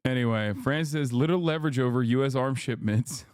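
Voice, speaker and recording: A man's voice: medium pitch, a little fast, darkish tone, dry recording. Profane sarcastic male streamer, dry close sound. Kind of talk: casual live-stream commentary.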